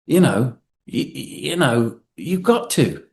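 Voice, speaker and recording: A man in his forties chats as a guest on a podcast. He tells his stories in an animated way, laughing often and slipping into voices. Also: medium pitch, slow pace. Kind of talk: casual chat.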